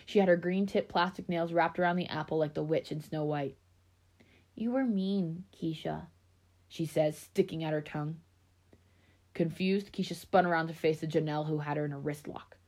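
A woman's voice: low-pitched, steady tone, fairly quick, a little mellow. A woman reading a spooky children's story aloud, with small slips and restarts. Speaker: reader of scary stories.

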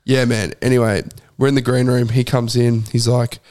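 A man's voice: medium pitch, flat delivery, normal speed, darkish tone. A man co-hosting a podcast, telling a rambling story in casual chat, heavy with fillers and swearing. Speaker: podcast co-host.

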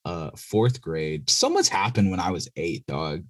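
Young man, husky voice, lively up-and-down delivery, casual podcast chat. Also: deep voice, dry recording. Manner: lively, slangy, quick bursts and laughing asides. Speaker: podcast co-host.

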